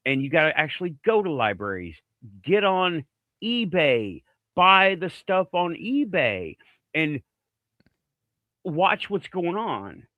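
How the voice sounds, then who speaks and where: A man's voice: a little high, big pitch swings, slow pace, pauses often, no room sound, dull audio. A man with a Middle Tennessee accent, a guest on a live stream, talking casually in a laid-back, folksy way. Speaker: guest podcaster.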